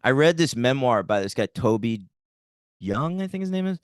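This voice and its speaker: A man co-hosting a podcast in casual chat, relaxed and fond of telling anecdotes. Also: mid-range voice, moderate pace, clean tone, no echo, clean studio sound. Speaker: podcast co-host.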